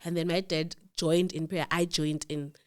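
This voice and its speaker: A South African woman with a clean-toned, lowish voice tells a personal story at a moderate pace. As host of this casual chat, she's animated and acts out other people's voices.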